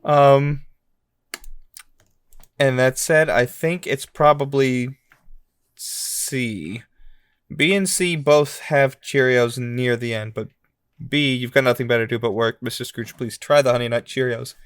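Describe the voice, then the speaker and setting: A man's voice: medium pitch, unhurried, long pauses, clear, resonant tone, no echo. Easygoing man on a dry-sounding podcast mic. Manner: easygoing, laughs often, thinks aloud. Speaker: podcast co-host, contestant in the game. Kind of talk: casual game-show podcast chat.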